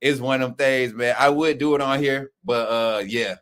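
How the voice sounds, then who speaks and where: A man hosting a fan live stream, talking like a preacher, calling out to viewers, shouting and laughing often. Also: mid-range voice, steady tone, moderate pace, clear, resonant tone. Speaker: sports channel host. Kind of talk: live-stream chat, mock preacher call.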